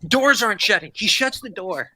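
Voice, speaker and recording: A man co-hosting a racing podcast, spinning funny road-trip stories in an animated, laughing way. His voice sits high and swoops widely, with a very bright, tense edge to it. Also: moderate pace. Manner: animated storyteller, acts out shouts and laughs a lot. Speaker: podcast co-host. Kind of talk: casual chat telling funny stories.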